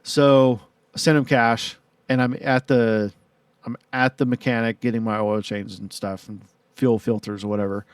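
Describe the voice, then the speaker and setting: A man's voice: mid-range voice, level tone, moderate pace, clean tone, no room sound. Rambling man telling a story. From Tucson, Arizona. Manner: rambling, full of filler and quoted dialogue. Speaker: vlogger. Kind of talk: casual storytelling. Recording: dry, from a distance from the mic.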